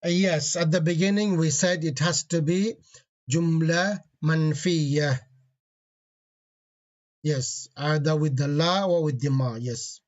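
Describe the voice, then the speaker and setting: A man's voice: fairly high pitch, slow pace. Man teaching grammar over dull audio. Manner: asks the class questions, reads Arabic parsing terms. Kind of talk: online class lesson.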